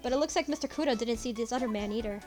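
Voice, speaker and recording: A woman's voice: fairly high pitch, rapid-fire, over music, lightly acted. A woman voicing a young male defense lawyer making wry remarks.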